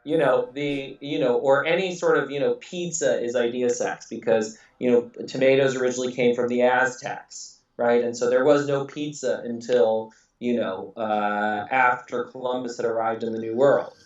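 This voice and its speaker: A man's voice: medium pitch, steady tone, normal speed, hardly any pauses. Man, casual podcast host, rambling, lots of fillers, distant mic, roomy echo, muffled audio. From England. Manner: rambling, many fillers and restarts, laughs often. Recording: echoey room, distant mic, dull audio.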